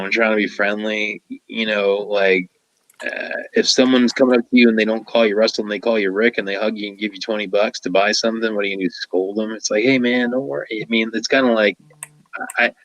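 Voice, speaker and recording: A man's voice: on the low side, steady tone, brisk, fairly bright tone, dry recording, dull audio. A man chatting casually as a guest illustrator, telling laid-back stories and acting out the quotes. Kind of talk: casual chat.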